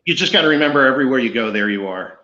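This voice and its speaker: A man's voice: medium pitch, animated, rapid-fire, bright, forceful tone, dull audio. A man in his fifties from northern New Jersey, with a mixed New Jersey and Boston accent, joking and chuckling as a guest in a casual chat.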